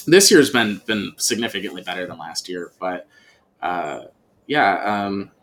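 A man's voice: deep voice, animated, unhurried, fairly bright tone. A man guesting on a podcast, chatting casually and rambling with many fillers and restarts. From United States. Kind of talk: casual chat.

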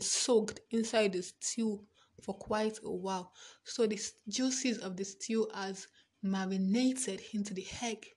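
Her medium-pitched voice is a little mellow and a touch slow. The vlogger, a young Nigerian woman with a Nigerian English accent, wanders through a casual monologue, jumping topics while laughing and swearing a lot.

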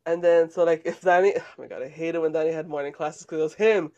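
Young man, higher register, lively laughing co-host. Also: fast, highs cut off. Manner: animated storyteller, laughs often. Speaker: podcast co-host. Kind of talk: casual chat.

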